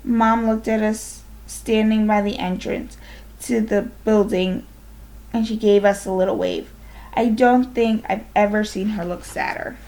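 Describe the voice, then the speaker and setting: A woman teacher reading a children's novel aloud to her class, gently and unhurried, now and then correcting herself. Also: mid-range voice, fairly even intonation, rough recording.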